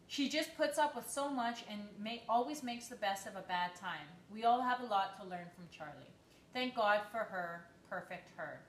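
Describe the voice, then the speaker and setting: A woman chatting casually on her channel and reading a post aloud, affectionate and quick, often restarting her sentences. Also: a little high, fairly bright tone, roomy sound, a little hiss or hum, low-quality recording. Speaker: vlogger.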